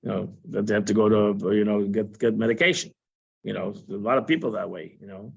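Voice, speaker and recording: Over muffled live-stream audio, a Torah class teacher with a lowish, breathy-edged voice and vocal fry speaks a little fast. He gives an informal, conversational lesson that repeats itself and mixes in Hebrew and Yiddish terms.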